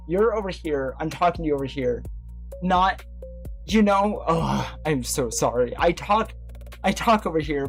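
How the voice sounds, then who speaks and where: A livestream host chatting casually with viewers, rambling with many fillers and restarts and laughing often. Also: medium pitch. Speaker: livestream host talking to chat. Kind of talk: casual chat.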